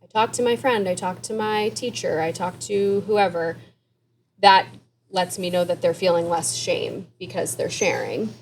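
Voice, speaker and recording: A woman therapist and author answering interview questions in a candid, conversational way, with quick asides and light laughs. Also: lowish voice, a little hiss or hum.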